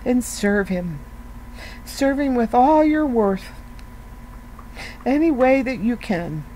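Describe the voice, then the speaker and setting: Woman talking faith like a chat, earnest, lots of questions to the listener, mid pitch, bit of faint hiss behind. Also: warm tone, poor audio. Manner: conversational, earnest, peppered with "you know" and rhetorical questions. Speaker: devotional speaker. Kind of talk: casual devotional talk.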